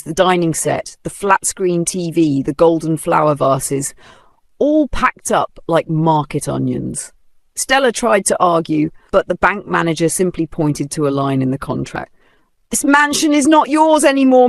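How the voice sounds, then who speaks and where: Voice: medium pitch, vocal fry, no room sound, studio quality. A narrator telling a dramatic folktale in a vivid storybook style.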